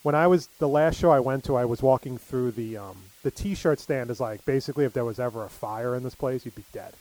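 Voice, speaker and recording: A man's voice: medium pitch, a little fast, darkish tone, poor audio. A middle-aged man telling stories in casual chat, full of fillers. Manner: rambling storyteller, many fillers.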